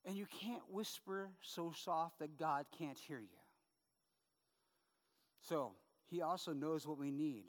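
A long hall reverb carries the fairly high voice of a middle-aged male pastor who preaches slowly, with long pauses. He keeps his sermon casual, checking in with "right?" and telling funny stories about his own life.

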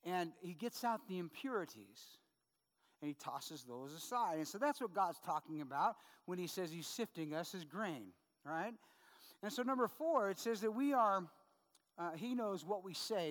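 A middle-aged male pastor gives a sermon in a high, light voice. He talks to the congregation casually, mixing humorous stories with scripture. His voice rings out with a long reverb, as if filling a large hall. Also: expressive, normal speed, a bit bright. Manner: conversational, tag questions, humorous anecdotes.

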